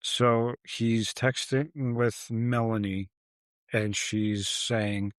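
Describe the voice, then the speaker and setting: Low-voiced man recapping a movie. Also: slow, no room sound, clean studio sound. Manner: animated retelling, acts out characters' lines. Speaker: podcast co-host. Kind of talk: casual movie recap chat.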